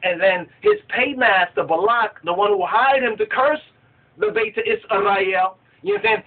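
A man leading a Bible study who reads verses aloud and keeps asking his listeners whether they understand. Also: high-pitched. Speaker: scripture study teacher. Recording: tinny phone-like line.

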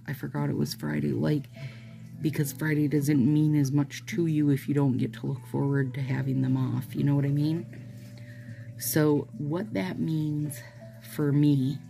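Low gravelly-voiced woman chatting slowly. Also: warm tone. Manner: rambling, chatty, addresses viewers as "you guys". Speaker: nail art vlogger. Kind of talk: casual chat while doing a manicure.

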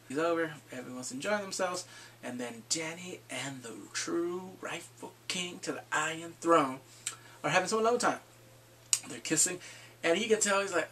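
A man casually recapping a TV episode, swearing freely and jumping into quick impressions of the characters. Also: fairly high pitch, bright, forceful tone, distant mic, a little hiss or hum. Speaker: TV show reviewer. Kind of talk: casual spoiler recap vlog.

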